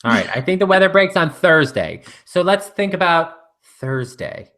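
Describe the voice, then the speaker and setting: A man's voice: sits high, very animated, moderate pace, fairly bright tone. A man co-hosting a casual live chat show, telling stories in a rambling way with lots of fillers. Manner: rambling storyteller with many fillers. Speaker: co-host.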